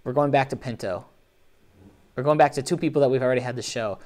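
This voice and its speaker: Animated joking man hosting a live show. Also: mid-range voice, fast. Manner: animated, joking, playfully sarcastic. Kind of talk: live commentary on competition videos.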